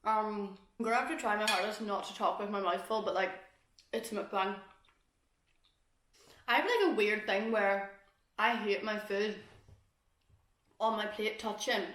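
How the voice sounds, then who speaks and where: Young northern irish girl rambling on while she eats, bright voice, bit echoey. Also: medium pitch, a little slow, long pauses, a little hiss or hum. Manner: chatty, rambling, eating between sentences. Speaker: vlogger. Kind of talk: casual chat to camera while eating.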